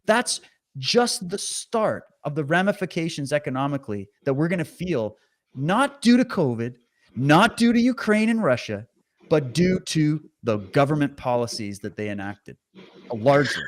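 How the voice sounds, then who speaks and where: A man's voice: a little high, normal speed. Male interviewer, swooping voice, heated and sarcastic. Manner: animated, sarcastic, indignant.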